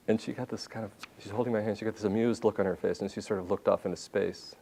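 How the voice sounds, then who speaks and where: Deep-voiced man telling lively stories. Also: a little fast. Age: 50s. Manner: animated storytelling with restarts and self-corrections. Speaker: visiting journalist giving a talk. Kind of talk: lecture with anecdotes. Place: university lecture hall.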